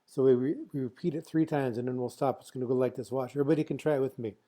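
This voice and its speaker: A man teaching a song over a video call, speaking in a halting way with many filler pauses. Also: medium pitch, dark tone. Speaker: flute player teaching a song.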